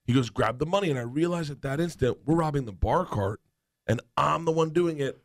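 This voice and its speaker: A man telling a comedic story as a podcast guest, animated and laughing as he goes. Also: a little high, brisk. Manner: animated, laughs through his own story.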